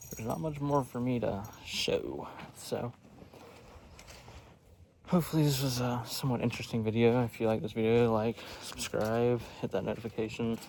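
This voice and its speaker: A young man rambling in a laid-back way, often keeping his voice low, in a casual outdoor hunting vlog. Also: gravelly, a little mellow. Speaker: hunting vlogger. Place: outdoors in woods by a food plot. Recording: outdoor noise behind. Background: outdoor noise.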